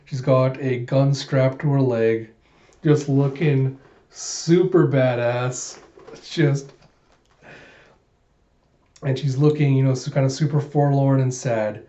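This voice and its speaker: A man casually retelling a comic, animated, often laughing and saying "you know". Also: mid-range voice, takes it slowly, long pauses. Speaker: comic readthrough host. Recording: roomy and dull.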